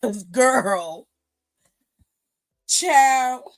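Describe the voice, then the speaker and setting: A woman hosting a wrestling aftershow, talking in a brash, profane, animated way and acting out the people she talks about. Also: sits high, extremely slow. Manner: acts out quoted voices. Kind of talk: casual commentary monologue.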